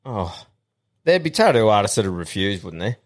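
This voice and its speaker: A man's voice: fairly low pitch, moderate pace. A man with an Australian accent hosting a podcast, telling sweary yarns in casual chat. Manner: swearing, storytelling, animated yarns. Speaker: podcast host.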